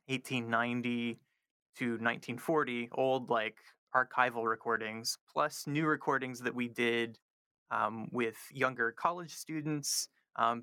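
A man's voice: medium pitch, pushed and bright, clear, resonant tone, dry recording. A male linguistics professor from North Carolina explaining his research in a radio interview, with frequent ums.

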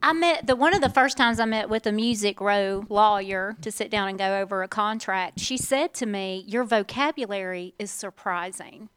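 A woman's voice: medium pitch, normal speed, few pauses, fairly bright tone, clear, resonant tone. A woman from central Florida with a Southern US accent, chatting frankly as an interview guest. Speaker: guest singer. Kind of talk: casual interview chat.

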